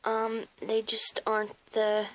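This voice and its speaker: A woman's voice: medium pitch, completely flat delivery, takes it slowly, a bit bright, low-quality recording. A woman who is losing her voice, chatting casually and hesitantly, with lots of fillers, as she shows off her doll collection in her home nursery. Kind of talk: casual show-and-tell video.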